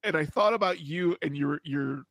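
A man's voice: a little high, moderate pace, a bit bright, dry recording, clean studio sound. A man co-hosting a podcast, chatting casually in an easygoing, self-deprecating way with frequent fillers. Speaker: podcast co-host. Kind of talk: casual chat.

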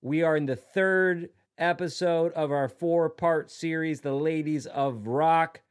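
A man co-hosting a podcast in casual chat, jokey and quick to slip into silly voices. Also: a little high, steady tone, clean tone. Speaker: podcast co-host.

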